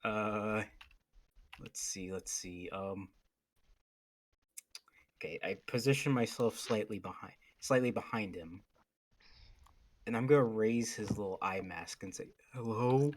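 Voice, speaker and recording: A man's voice: on the low side, measured pace, pauses often. A man playing a tabletop game, hesitant and full of fillers, sometimes muttering under his breath. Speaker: player. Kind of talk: tabletop role-play.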